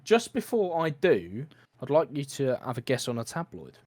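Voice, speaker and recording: British male podcast host, animated delivery, frequent laughter, dry close sound. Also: mid-range voice, moderate pace, dry recording. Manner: lively storyteller, laughs often. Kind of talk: casual comedy podcast chat.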